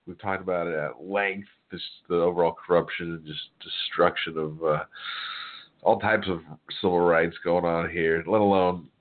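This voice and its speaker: A deep-voiced man hosts a casual talk radio show, his nose stuffed with a cold. He talks in a loose, offhand, scoffing way. The sound is thin and phone-like. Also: fairly even intonation, moderate pace. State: nasal from a head cold. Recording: tinny phone-like line.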